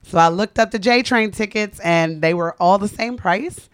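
A woman's voice: mid-range voice, moderate pace, clean tone, dry recording, clean studio sound. A woman guest comedian in casual podcast chat, telling a story and acting out what people said. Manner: animated storytelling, acts out quotes.

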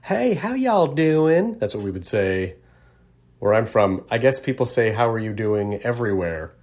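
A Tennessee man opens his own podcast with a casual intro, talking in a friendly, rambling way and correcting himself along the way. His voice is lowish, at a normal speed.

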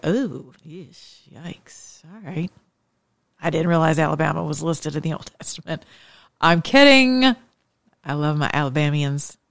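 A woman from the Southern United States hosts a faith talk show, her low-pitched voice recorded with clean studio quality and no echo. Speaking with a Southern accent, she mixes jokes with preaching and asks plenty of rhetorical questions.

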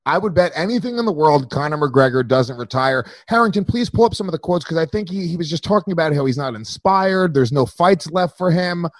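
A man hosting a podcast, asking questions in a quick, sweary, casual way. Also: a little high, animated, no room sound. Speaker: podcast host.

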